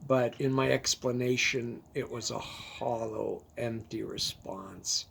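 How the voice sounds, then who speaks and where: A storyteller narrating a first-person tale in a halting way, often repeating words. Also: mid-range voice, creaky, a bit bright, breathy edge.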